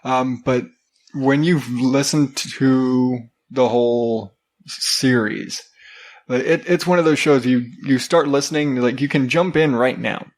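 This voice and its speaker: Laid-back joking dad co-host. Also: male voice, medium pitch, measured pace. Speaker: podcast co-host. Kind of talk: casual chat.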